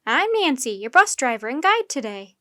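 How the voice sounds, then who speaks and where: A woman's voice: sits high, very animated, moderate pace, no room sound, studio quality. A woman voicing a cheerful, hearty adult bus driver and tour guide in a storybook reading. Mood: calling. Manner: loud, hearty, calling out to a group.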